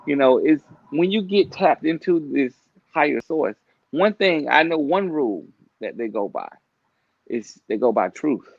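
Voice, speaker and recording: This is a man hosting a casual chat, his voice gravelly with vocal fry and pitched a touch high. His talk is loose and frank, scattered with filler and swearing, and it comes through a dull lo-fi recording. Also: lively intonation, measured pace, no echo. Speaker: host.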